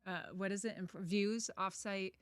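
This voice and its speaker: A woman's voice: mid-range voice, steady tone, a little slow, clear, resonant tone, no echo. A woman co-hosting a casual live show, chatting and reading viewer comments aloud. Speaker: co-host of a reselling live show. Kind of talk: casual live-stream chat.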